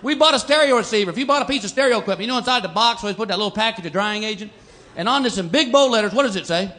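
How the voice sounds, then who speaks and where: High-voiced Texan stand-up comedian. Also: male voice, animated, racing, bright, forceful tone. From Texas. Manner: drawling storyteller, acts out dumb characters. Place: live comedy club with laughing audience. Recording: live show with crowd laughter and noise.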